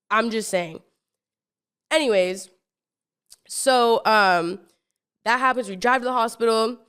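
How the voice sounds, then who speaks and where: A woman's voice: medium pitch, smooth. Rambling young woman telling a story. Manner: rambling, stumbling restarts and fillers; animated, acts out what people said. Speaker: podcast host. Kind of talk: casual storytime monologue.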